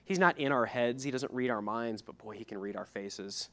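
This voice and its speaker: A man's voice: mid-range voice, normal speed, fairly bright tone. A middle-aged man, preaching a sermon in a conversational way, reading scripture and adding asides. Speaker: pastor.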